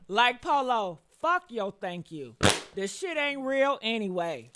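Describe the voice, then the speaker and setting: Woman stream host, high bright voice, loud and profane, exclaiming. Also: big pitch swings, slow, slight background noise. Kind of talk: heated live-stream commentary.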